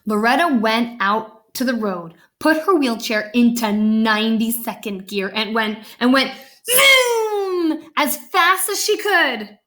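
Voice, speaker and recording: A woman's voice: on the high side, lively intonation, a little slow, few pauses, fairly bright tone. A woman reading a children's picture book aloud, chatting about the pictures as she goes.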